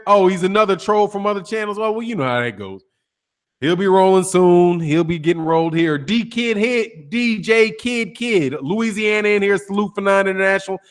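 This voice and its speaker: A man with a high-pitched voice hosts a casual boxing live stream and talks straight to his chat. He greets each viewer by name in loose, slangy speech, laughing and joking between comments. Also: fairly bright tone.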